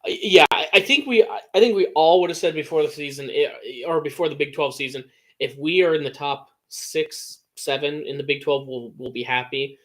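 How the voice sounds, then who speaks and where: A young man with an American Midwest accent co-hosting a casual sports podcast, talking excitedly and rambling with lots of restarts. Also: on the high side, moderate pace. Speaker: podcast co-host.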